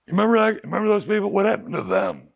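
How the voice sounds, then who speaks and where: A middle-aged addiction counselor speaks candidly to a recovery group in a recovery house group room, often posing rhetorical questions to his clients. His voice is high and gravelly, very animated and racing along.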